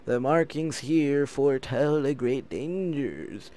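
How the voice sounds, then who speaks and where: A man's voice: medium pitch, expressive, takes it slowly, dark tone. A man reading as a worried male scientist. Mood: anxious.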